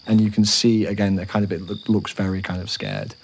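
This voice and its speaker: A man's voice: on the low side, steady tone, brisk, gravelly, slight background noise. A man narrating a tabletop role-playing game as game master, describing scenes in a loose, rambling way.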